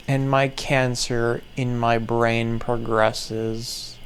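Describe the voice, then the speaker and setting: A man in his twenties performing a slow, anguished sung monologue, repeating his lament in a self-pitying way. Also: mid-range voice, little pitch movement, slight background noise. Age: 20s.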